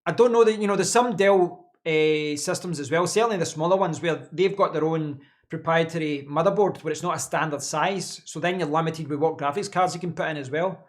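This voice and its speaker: A man's voice: fairly high pitch, fairly quick. A man hosting a casual live stream from his home office desk, answering chat in a rambling way and repeating words as he thinks.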